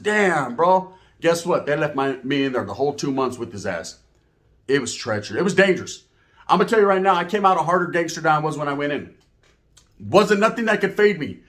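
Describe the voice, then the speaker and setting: A man with a slightly high-pitched voice tells a story in a loose, casual way. He swears freely and brings the story to life by acting out what other people said. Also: a little fast. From California. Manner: animated, profane, acts out quoted voices.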